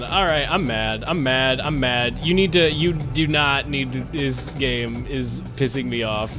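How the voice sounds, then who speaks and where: A man's voice: medium pitch, a little slow, hardly any pauses, pushed and bright. A man streaming a game live, ranting in frustration with lots of swearing and laughter. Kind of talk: live gaming commentary. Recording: game music playing behind.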